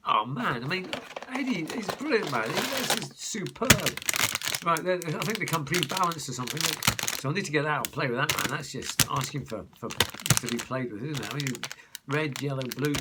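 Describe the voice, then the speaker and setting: A man chatting casually to his viewers in a rambling vlog, calling them folks. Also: medium pitch. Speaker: vlogger. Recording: background noise.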